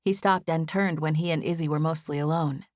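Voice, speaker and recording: A woman with a lowish voice reads a novel in an even, measured way. The recording is close and very dry, as if from a treated studio booth. Her pacing stays steady through the narration. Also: no room sound. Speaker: audiobook narrator. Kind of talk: scripted narration.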